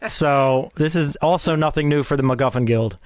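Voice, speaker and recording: A man's voice: medium pitch, normal speed, a little mellow, smooth, no echo. A man hosting a casual movie podcast, running the segments and laughing often as he chats with two co-hosts. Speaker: podcast host.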